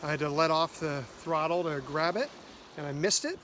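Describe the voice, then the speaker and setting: Relaxed man on a noisy boat. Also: a little high, normal speed. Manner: relaxed, explains things plainly. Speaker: sailing vlog host. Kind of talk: casual vlog narration. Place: outdoors on a sailboat at sea.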